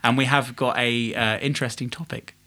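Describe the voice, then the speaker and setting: Bright-voiced man rambling through a story. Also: medium pitch, steady tone, fairly quick. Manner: rambling anecdotes, self-mocking. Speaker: podcast co-host. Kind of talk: casual chat, storytelling.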